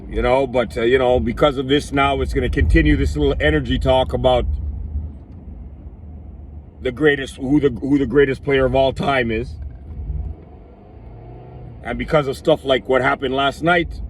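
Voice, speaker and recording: A man with a voice he says is going hoarse, talking emphatically to his viewers in a casual sports vlog. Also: medium pitch, steady tone, moderate pace, pauses often, a little hiss or hum. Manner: emphatic, addresses viewers as "people". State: losing his voice. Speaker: vlogger.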